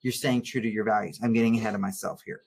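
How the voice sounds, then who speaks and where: A man who is a therapist, teaching a live webinar in an earnest, animated way, sometimes getting worked up and repeating words. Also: on the low side, fast talker, creaky, breathy edge. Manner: reads viewer comments aloud.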